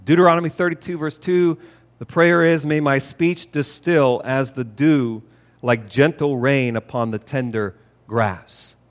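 In a church sanctuary, a pastor with a steady, medium-pitched voice preaches without hurrying. His earnest sermon leans on repeated key phrases for emphasis, and long hall reverb surrounds every word.

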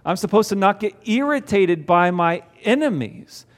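A man's voice: sits high, lively intonation, moderate pace. A man preaching a sermon to a congregation, conversational, with rhetorical questions. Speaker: pastor. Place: church before a congregation.

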